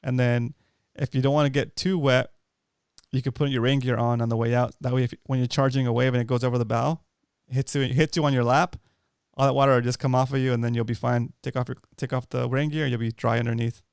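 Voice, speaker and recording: A man's voice: mid-range voice, fairly even intonation, quick pace, clean tone, no room sound, studio quality. A man co-hosting a casual fishing talk livestream, upbeat and coaching listeners step by step. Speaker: co-host of a fishing talk show.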